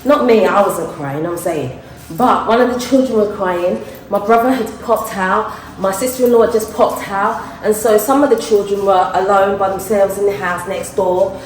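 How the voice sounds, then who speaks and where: A woman's voice: medium pitch, normal speed, slight background noise, poor audio. A middle-aged woman, chatting and laughing to camera as a vlogger, recorded on a handheld phone. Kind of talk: casual chat to camera. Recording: music playing over the voice.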